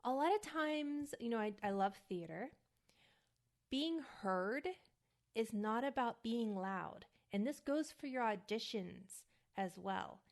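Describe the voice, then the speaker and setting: A woman from the United States giving a casual spoken lesson as host of her show. She talks slowly and carefully, saying single words for the listener to repeat, and sounds a little worn out. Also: fairly high pitch, animated, creaky. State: a little worn out, feeling hot. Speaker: acting coach and podcast host.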